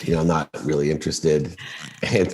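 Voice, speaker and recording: A middle-aged man with a low, deep voice tells a story on a podcast. He is animated and acts out each person's lines as he goes. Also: brisk, a little hiss or hum. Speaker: podcast guest. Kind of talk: storytelling in a casual interview.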